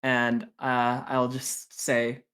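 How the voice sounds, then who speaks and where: A woman with a very low voice plays a tabletop game. She speaks slowly and haltingly, filling her sentences with likes and uhs. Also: completely flat delivery, fairly bright tone, smooth. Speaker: player. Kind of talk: casual tabletop play.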